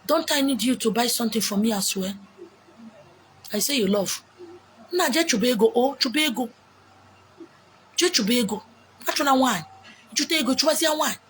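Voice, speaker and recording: A woman with a Nigerian Igbo accent giving blunt, forceful relationship advice outdoors, mixing English, Pidgin and Igbo. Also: a little high, expressive, moderate pace, pauses often, a little hiss or hum. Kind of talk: outdoor monologue. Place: beach outdoors.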